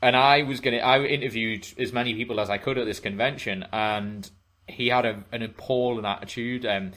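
A man's voice: medium pitch, fairly even intonation, fairly quick, fairly bright tone. A man co-hosting a podcast, telling stories in casual chat with plenty of fillers and restarts. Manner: rambling, self-correcting storyteller with frequent fillers. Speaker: podcast co-host.

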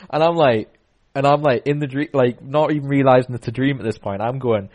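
A man hosting a podcast in a relaxed, rambling way. He circles back on himself, piles up fillers and restarts, and keeps the chat loose and conversational. His voice sits at a middling pitch for a man. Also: quick pace. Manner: rambling storytelling with many fillers. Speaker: podcast host.

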